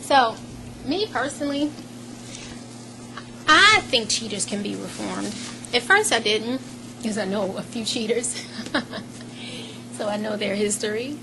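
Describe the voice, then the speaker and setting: A woman's voice: fairly high pitch, lively intonation, measured pace, long pauses, noisy background. A woman co-hosting a casual talk radio show, chatty and giggly. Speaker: radio co-host.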